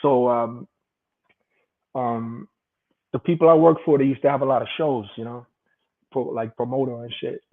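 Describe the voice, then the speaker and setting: A man's voice: medium pitch, steady tone, moderate pace, pauses often. A man casually telling a profane, rambling story with a lot of laughing. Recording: tinny phone-like line.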